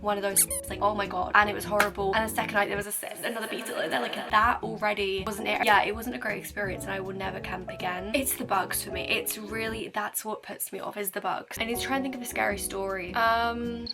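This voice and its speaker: A young woman chats to camera in a self-mocking, rambling way, breaking off her swear words halfway. Her voice has a gravelly fry to it. Music plays clearly somewhere behind her. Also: medium pitch, fairly even intonation, quick pace, few pauses. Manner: chatty and self-mocking, cuts off swear words mid-word. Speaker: vlogger. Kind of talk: casual chat to camera. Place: her bedroom, indoors. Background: music playing elsewhere in the house.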